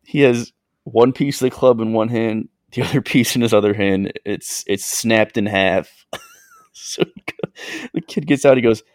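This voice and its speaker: A young man with a low, deep voice tells a story on a casual podcast. He rambles along with plenty of filler words and acts out the quotes, and his sound is dry and close. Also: a little slow, dry recording. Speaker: podcast co-host.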